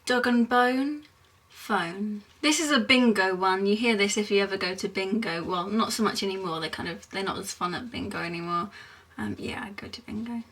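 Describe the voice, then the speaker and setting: A young woman with an Essex accent talks casually to her viewers at home. Her voice has a breathy, husky edge at a middling pitch. She rambles with frequent ums, little laughs and self-corrections. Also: moderate pace, a bit bright, recorded from a distance. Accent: Essex English. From England (Essex). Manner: chatty, giggly, lots of ums and self-corrections. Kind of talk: casual rambling vlog explanation.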